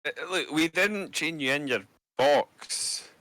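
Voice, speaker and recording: A man with a bright, forceful tone plays a tabletop game and calmly explains his character's actions. The recording is dry and close. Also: a little high, slow pace, no echo. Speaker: player.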